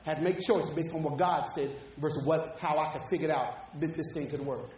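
A pastor preaching a sermon, building to shouts and calling the congregation to read along. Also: male voice, on the high side, steady tone, fast talker. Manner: preaching with rising shouts and call-and-response. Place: church. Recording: echoey church hall from far off.

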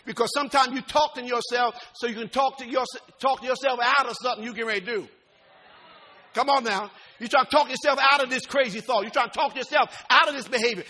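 A man pastor preaching a sermon, folksy and informal, swinging from loud rising shouts to low quiet talk. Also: fairly quick.

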